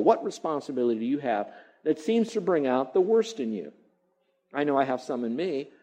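Pastor preaching an emphatic sermon, mellow voice. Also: male voice, a little high. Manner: emphatic, drawn-out stresses on key words; mimics grumbling sounds.

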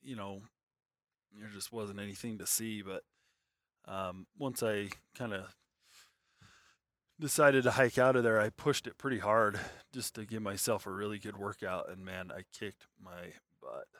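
A man with a fairly low voice tells a long hunting story in a loose, rambling way. He circles back on himself, with fillers and restarts. The sound is dry and close, with no room around it. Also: measured pace, a bit bright, no echo. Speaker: hunter telling a story. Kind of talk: casual storytelling monologue.

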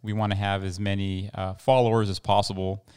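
A man's voice: lowish voice, level tone, a little fast, a little mellow, clear, resonant tone. A middle-aged man from El Paso co-hosting a podcast in casual, rambling chat with many fillers. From El Paso, Texas. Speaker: podcast co-host.

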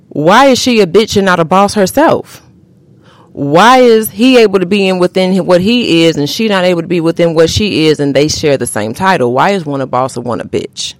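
Woman podcast co-host, forceful and blunt, swears, close dry mic. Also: deep voice, no echo. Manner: emphatic, blunt, preachy, swears freely. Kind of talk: casual podcast commentary.

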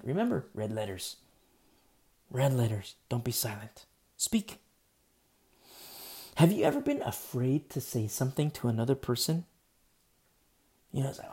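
A man preaching a sermon, acting out bits of dialogue and dropping to soft, hushed lines for emphasis. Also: medium pitch, moderate pace, long pauses. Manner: animated preaching, acts out dialogue, drops to near whispers. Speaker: pastor.

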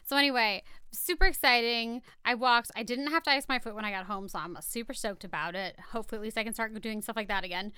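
Bright, crisp-voiced woman chatting bluntly. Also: on the high side, fast, hardly any pauses, dry recording. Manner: blunt, rambling, swears freely. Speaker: podcast co-host. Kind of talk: casual chat.

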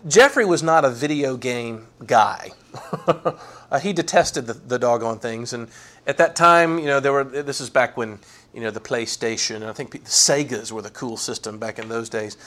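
A man preaching a sermon, animated and folksy, acting out sarcastic quotes. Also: medium pitch, normal speed. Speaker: pastor.

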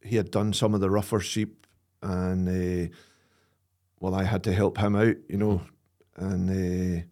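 Older Scottish man with a low voice. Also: little pitch movement, mellow. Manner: halting, with many "uh" pauses. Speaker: guest shearer. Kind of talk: casual interview chat.

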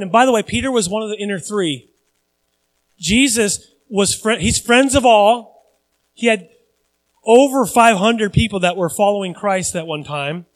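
A man's voice: high voice, poor audio. A male pastor preaching a sermon in a conversational way, repeating phrases for emphasis and acting out the voices of people he quotes.

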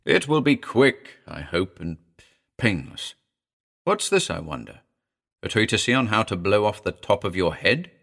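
A man's voice: on the low side, big pitch swings, measured pace, vocal fry, a bit bright, full character voice. A man doing a sardonic, doomed man. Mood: giddy, grim. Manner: sardonic, mirthless. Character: grim, dying man with bitter gallows humor.

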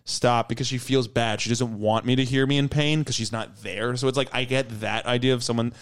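A man's voice: mid-range voice, steady tone, brisk, clean tone. A man hosting a comedy podcast in casual chat, talking emphatically with frequent swearing and stammering restarts. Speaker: podcast host and stand-up comedian.

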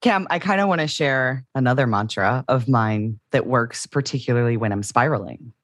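Woman, low voice, candid and reflective, podcast co-host, dry close sound. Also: normal speed, dry recording. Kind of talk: casual conversational podcast.

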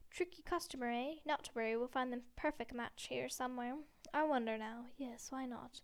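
A woman voicing an eerie, fussy elderly male wandmaker, speaking in a measured, softly insistent way in a storybook reading. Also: high-pitched.

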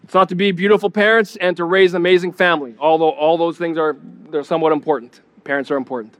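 Speaking fast with fairly even intonation, a high-pitched male pastor teaches in a loose, conversational sermon. He repeats words as he thinks and stumbles over them, and he stops to put questions to his congregation.

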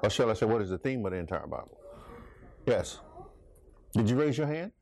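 Lively Bible class leader. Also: medium pitch, brisk, a little hiss or hum. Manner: animated, questioning, jokey asides. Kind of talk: interactive Bible class teaching.

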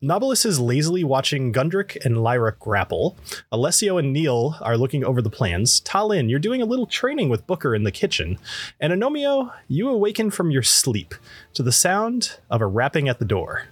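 A man narrating a tabletop game in a casual, chuckling way. His husky voice rises and falls a lot. The sound is dry and close. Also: mid-range voice, very animated, a little fast, no room sound. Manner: casual, laughing, many fillers. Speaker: game master.

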